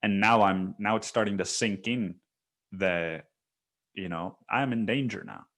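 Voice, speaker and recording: A man's voice: lowish voice, a little slow, a bit bright. A man hosting a solo podcast, recounting a dream in a casual, profane storytelling manner. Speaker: podcast host.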